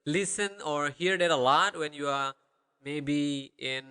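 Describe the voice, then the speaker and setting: Balinese man as a patient language teacher, slightly high voice, forceful tone, long reverb on the track. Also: clear, resonant tone. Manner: patient, repeats words slowly for learners. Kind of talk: spoken language lesson.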